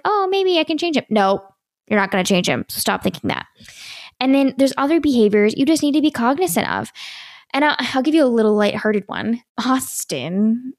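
A young woman talks through dating advice in a casual, emphatic way, hammering points home by repeating them. Her voice sits a bit high with a gravelly fry, and the sound is dry and close. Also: dry recording.

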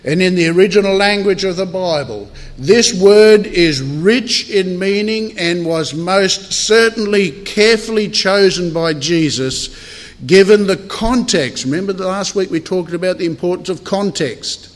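A male pastor delivers a sermon in a church hall, his voice sitting high for a man. He speaks in an earnest, measured way, taking his time with deliberate pauses. The sound carries a long reverb from the room.

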